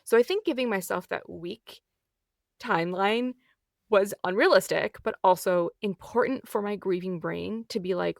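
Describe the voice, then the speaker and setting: A woman in her thirties talks through a personal story on her solo podcast. She is candid and emotional, chatty and loose, dropping "like" and "y'all" as she goes. Her voice carries a gravelly edge, recorded close and dry. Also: medium pitch, normal speed, dry recording. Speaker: podcast host.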